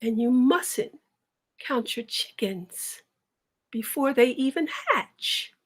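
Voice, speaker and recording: A woman voicing a gentle, wise mother who comforts her daughter with slow, soothing words. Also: sits high, lively intonation, full character voice. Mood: tender.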